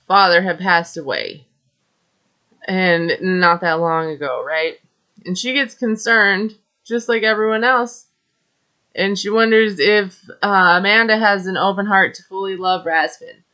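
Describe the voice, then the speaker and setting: Chatty woman recapping reality TV, slow. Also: mid-range voice, pushed and bright, clean tone. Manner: chatty, gossipy, with frequent fillers and wry asides. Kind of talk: casual recap commentary.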